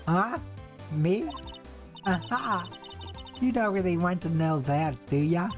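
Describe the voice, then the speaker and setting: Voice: medium pitch, slow, soft background music, pitched above the performer's own voice. A streamer voicing a folksy, brash young woman photographer with a drawl while reading game dialogue aloud. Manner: drawling, boastful, chatty.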